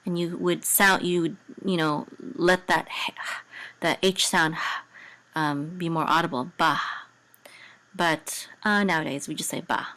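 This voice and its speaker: A woman teaching biblical Hebrew, explaining patiently with many fillers and soft, quiet asides. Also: fairly low pitch, fairly even intonation, measured pace.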